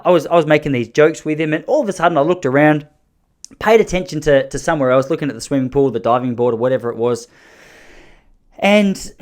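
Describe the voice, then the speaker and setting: Australian male podcast host, 30s, somewhat high-pitched, loose self-deprecating storyteller. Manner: rambling, self-mocking, often corrects himself mid-sentence. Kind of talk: casual storytelling monologue.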